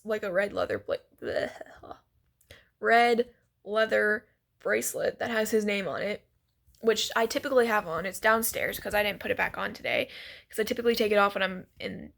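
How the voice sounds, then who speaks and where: A woman's voice: fairly high pitch, creaky, fairly bright tone. A woman telling a story to her vlog in a chatty, giggly way, full of "like" and "so basically," while she is sick. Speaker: vlogger.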